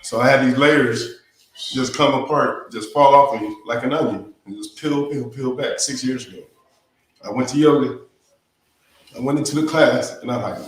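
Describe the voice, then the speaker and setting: A yoga teacher appearing as a guest casually recounts his path to yoga, animatedly acting out his friends' lines. His medium-pitched voice keeps a moderate pace in an echoey room with faint noise.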